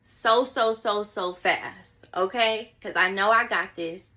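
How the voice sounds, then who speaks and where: A woman's voice: medium pitch, slow, bright, forceful tone. A young woman telling a personal story to her viewers in a chatty, dramatic way, often repeating phrases and calling them y'all. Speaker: storytime vlogger.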